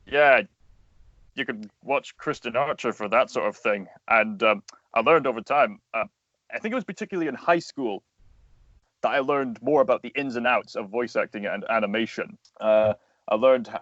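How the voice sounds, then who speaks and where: A man's voice: mid-range voice, a bit bright, no echo. Earnest young man explaining, lo-fi sound. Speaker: guest, voice actor and animator. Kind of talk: casual interview talk. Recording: dull lo-fi sound, dry.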